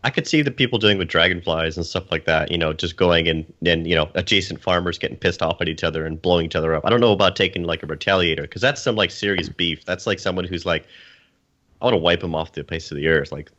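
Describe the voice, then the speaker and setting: A man's voice: low voice, fast, fairly bright tone. A man in a casual chat over an online voice call, loose and slangy with lots of fillers. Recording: dull lo-fi call audio.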